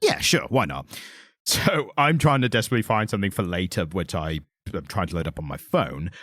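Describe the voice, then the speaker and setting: A man's voice: deep voice, animated, brisk, fairly bright tone, no echo, clean studio sound. A man co-hosting a comics podcast, talking in a casual, musing and self-deprecating way. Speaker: podcast co-host. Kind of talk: casual chat.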